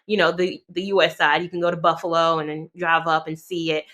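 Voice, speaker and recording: A woman from North Carolina chatting casually to camera as a travel vlogger, animated and talking straight to her viewers. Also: low-pitched, fairly quick. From North Carolina, USA.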